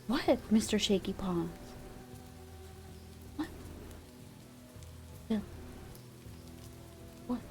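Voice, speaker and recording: A woman ASMR streamer chatting casually on a booth mic, giggly and playful, slipping into high sing-song baby talk with her pet. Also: drawn-out words, pauses often, warm tone, faint music behind. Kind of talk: casual chat. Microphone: ASMR microphone in a sound booth.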